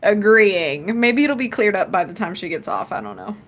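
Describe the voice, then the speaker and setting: A woman's voice: mid-range voice, moderate pace, fairly bright tone. A young woman chatting casually while live-streaming a game, easygoing and laughing between thoughts. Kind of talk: casual let's-play chat.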